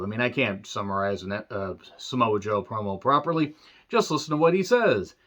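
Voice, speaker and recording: A man's voice: fairly low pitch, expressive, moderate pace, a bit bright, muffled recording. Tired man rambling through a review. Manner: rambling, frequent throat-clearing and fillers, wry asides. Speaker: wrestling show reviewer. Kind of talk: casual solo review recap.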